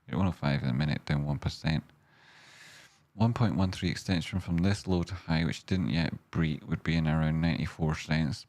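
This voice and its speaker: A man hosting a live stream, chatting and thinking aloud as he walks through stock charts with jokey asides. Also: extremely low pitch.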